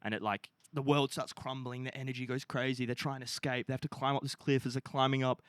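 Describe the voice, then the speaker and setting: Animated young man, dry sound. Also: medium pitch, fast talker, smooth, no echo. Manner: animated, swearing, acting out characters' lines. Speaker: podcast co-host. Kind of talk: casual chat, retelling a film plot.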